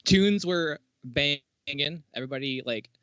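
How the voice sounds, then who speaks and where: A man's voice: on the high side, unhurried, clear, resonant tone, dry recording. Laid-back young man, slightly dull audio. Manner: laid-back, laughs often, relaxed slang. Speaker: guest, Twitch streamer and guitarist. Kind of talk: casual chat.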